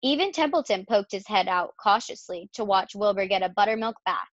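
A woman reading a children's storybook aloud in a steady, expressive way. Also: medium pitch, brisk, dry recording. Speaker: reader. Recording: dull, dry lo-fi recording.

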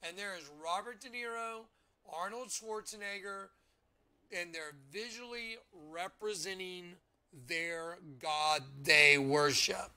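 A man hosting his own online video, talking excitedly and preachily through images on his screen. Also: high voice, takes it slowly, clear, resonant tone. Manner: animated and preachy, often laughing. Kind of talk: excited commentary over a screen recording.

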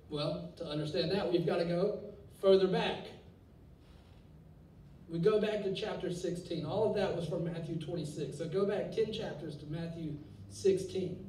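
A young man preaching a sermon to students, with energetic, conversational delivery and casual asides. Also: sits high, normal speed, recorded from a distance. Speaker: youth pastor. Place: church hall. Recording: echoey hall, voice from off-mic.

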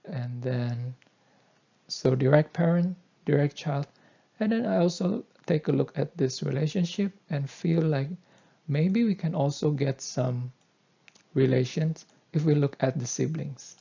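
A man lectures through a coding tutorial at a slow, deliberate pace, pausing on fillers. His voice is dark and husky, and it is set a little high for a man. The recording sounds dull and lo-fi.

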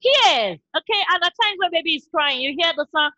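A woman's voice: extremely high pitch, animated, a little fast, bright, forceful tone, highs cut off, a little hiss or hum. A woman with a Nigerian English accent teaching a primary school science lesson online, using call-and-response questions and imitating animal sounds for the children.

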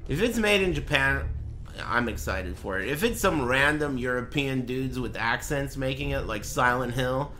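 A man chatting casually while streaming a game, swearing and bursting into shouts and laughs. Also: mid-range voice, expressive, moderate pace, a little hiss or hum. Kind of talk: casual gaming stream chat.

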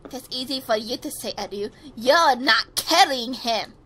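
A woman's voice: fairly high pitch, animated, measured pace, pushed and bright, full character voice. A woman voicing China as a smug, bossy young man in a fan-made game, snippy and scolding.

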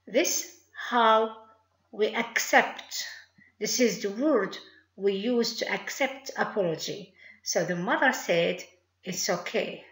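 A woman with a Moroccan accent, a native Arabic speaker, teaching an online English lesson in a slow, deliberate way and praising her learners. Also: medium pitch, fairly bright tone. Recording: roomy echo.

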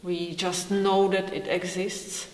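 Slow Czech-accented woman teaching sounds. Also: lowish voice, flat delivery. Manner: slow, careful, demonstrating sounds. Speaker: language teacher. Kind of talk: pronunciation lesson. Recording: roomy hall reverb.

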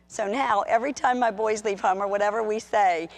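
A middle-aged woman pastor giving a sermon in an animated, conversational storytelling way. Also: medium pitch, fast, creaky, few pauses.

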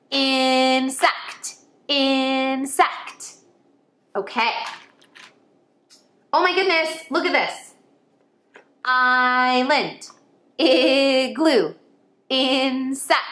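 A woman's voice: fairly high pitch, a bit bright, roomy sound. A woman teaching kindergarten children in an online lesson, exclaiming and sing-song as she talks to them as friends.

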